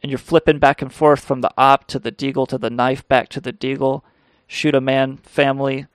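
A man's voice: mid-range voice, little pitch movement, moderate pace, clear, resonant tone, no room sound. A man hosting a call-in radio show, telling rambling, crude stories and laughing as he goes. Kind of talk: casual storytelling on a call-in show.

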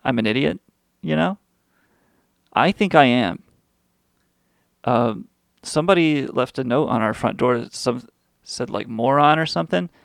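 Guy ranting on his radio show, swears a lot, sarcastic, kinda gravelly. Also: medium pitch, expressive, measured pace, pauses often, no echo, studio quality. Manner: crude, sarcastic rant with frequent swearing. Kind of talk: profane comedic monologue.

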